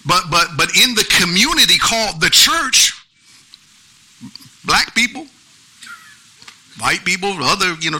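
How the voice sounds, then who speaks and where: A pastor preaching an animated sermon with features, calling out to the congregation. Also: male voice, a little high, low-quality recording. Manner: animated preaching with call-and-response asides.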